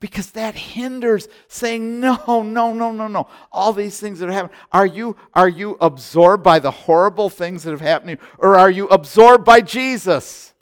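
An older male pastor in his sixties delivers a sermon with real passion. His voice sits fairly high for a man, and it surges into loud exhortation before dropping into hushed, intense asides. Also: moderate pace, few pauses.

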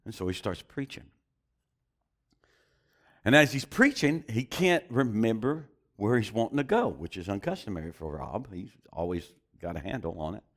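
A preacher telling a story in a sermon, animated and often chuckling as he goes. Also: lowish voice, normal speed.

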